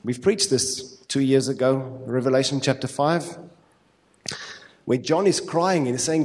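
A male pastor with a South African accent preaching a sermon with fervent, repetitive phrasing and quick asides. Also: mid-range voice, steady tone. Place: church hall. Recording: long reverb of a church hall.

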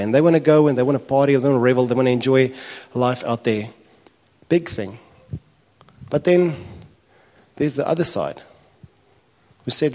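A man preaching a sermon, telling a parable with animated, acted-out voices. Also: medium pitch, moderate pace, long pauses. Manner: animated storytelling, acting out characters' complaints. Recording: echoey hall reverb.

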